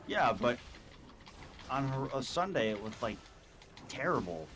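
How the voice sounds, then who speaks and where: A man chatting and joking during a guild raid over voice chat, quick to apologize and tease himself. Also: medium pitch, sing-song, a bit bright. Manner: chatty, joking, self-deprecating. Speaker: raid member streaming a guild raid. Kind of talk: casual gaming voice chat. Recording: voice chat with background noise.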